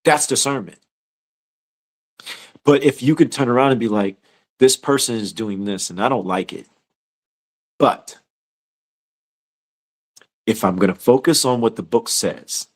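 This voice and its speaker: Male preacher for a scripture study, mid-pitched, conversational teaching that climbs to fervent exhortation. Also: measured pace, long pauses. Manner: builds from calm conversational teaching to raised, urgent exhortation; acts out inner thoughts as quoted prayers.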